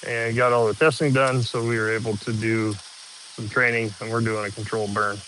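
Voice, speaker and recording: A man, chatting casually outdoors while hosting a live stream, easygoing and relaxed. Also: lowish voice, a little fast, noisy background. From Iowa, US. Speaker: livestream host. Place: outdoors at a rural property.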